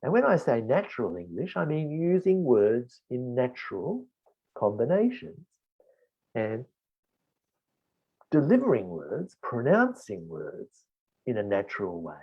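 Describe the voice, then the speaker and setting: A middle-aged man with an Australian accent, answering test questions in a teaching webinar and explaining slowly with strong emphasis. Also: medium pitch, wildly swooping pitch, slightly rough. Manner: slow, deliberate explanation with emphatic stresses. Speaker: IELTS expert answering questions. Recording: dull lo-fi webinar audio.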